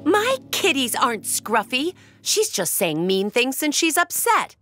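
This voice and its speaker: A woman's voice: sits high, sing-song, unhurried, over music. A woman voicing a kind mother who narrates a children's cartoon in a soothing, reassuring way. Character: warm kind mother and storyteller.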